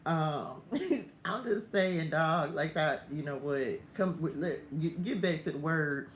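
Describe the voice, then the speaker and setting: A woman's voice: deep voice, slow. A woman giving a casual, laughing, digressive morning devotional straight to her viewers, ending in prayer. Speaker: faith coach hosting a morning message. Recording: echoey room with faint ambient noise.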